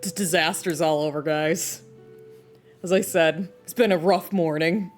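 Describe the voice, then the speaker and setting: A woman's voice: lowish voice, steady tone, a little slow. A woman chatting casually with her live-stream viewers while she draws, laughing often. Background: video game music playing.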